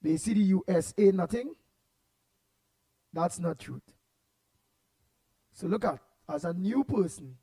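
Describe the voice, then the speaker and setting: A Trinidadian man hosting a morning call-in radio show, loud and passionate as he greets listeners one by one by name. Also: high voice, a little slow, pauses often, no room sound.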